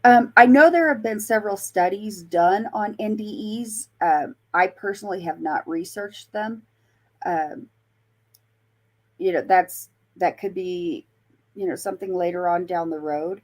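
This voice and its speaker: A woman's voice: medium pitch, measured pace. A woman from Colorado, a paranormal investigator, chatting as a guest with many fillers and restarts. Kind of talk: casual storytelling interview.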